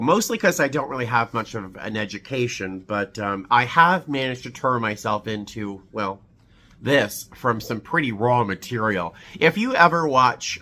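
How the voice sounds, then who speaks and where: A man's voice: mid-range voice, pushed and bright. A man chatting sentimentally on his video channel, tearful as he opens holiday cards and shares memories, with many fillers and restarts. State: teary. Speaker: vlogger. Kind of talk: emotional casual chat, reading holiday cards.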